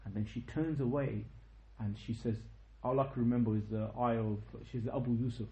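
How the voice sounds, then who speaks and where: A young man giving an informal religious lecture, telling a story with lively asides and checking questions to his listeners. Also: mid-range voice, a little fast, echoey room, poor audio. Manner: animated storytelling, tag questions, quotes in Arabic. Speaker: teacher of a history lesson.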